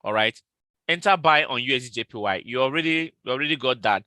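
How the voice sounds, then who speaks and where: A man hosting a live trading stream, repeating his trade calls and price levels slowly and talking straight to his viewers. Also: medium pitch, pushed and bright, dry recording. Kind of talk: live market analysis stream.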